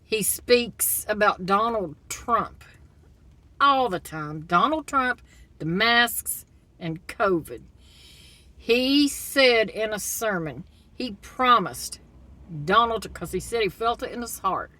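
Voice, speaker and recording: A woman's voice: mid-range voice, animated, slow pace, sharp tone, no room sound. A woman in a casual vlog monologue, retelling a story and giving blunt, critical opinions. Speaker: commentator.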